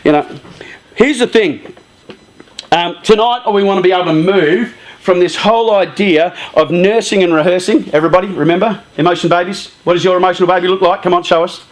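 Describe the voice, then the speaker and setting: A man giving a casual, lively talk to a youth group, often saying "you know" and "um". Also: high-pitched, brisk.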